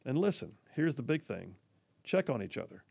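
A man's voice: medium pitch, very animated, moderate pace, vocal fry, a little mellow, breathy edge, dry recording. A man hosting a news talk show who tells a personal story in a folksy, earnest way and speaks directly to his listeners. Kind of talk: storytelling monologue.

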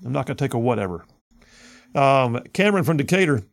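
A man's voice: medium pitch, very animated, fast, vocal fry. A man hosting a conservative talk radio show, reading listener messages aloud and giving blunt, opinionated commentary with frequent restarts.

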